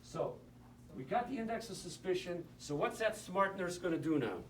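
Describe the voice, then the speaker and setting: A man with a fairly high voice gives a classroom lecture to nurses, cracking jokes and firing questions at the audience. He sounds roomy and somewhat distant from the mic, with faint ambience in the lecture room. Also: expressive, moderate pace, slight background noise. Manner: joking, quizzes the audience. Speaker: anesthesiologist teaching nurses.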